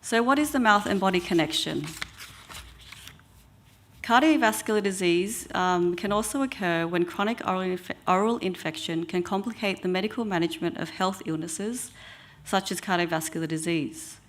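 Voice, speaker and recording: A woman, an oral health therapist giving an educational talk in a measured way with frequent ums. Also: fairly low pitch, slight background noise.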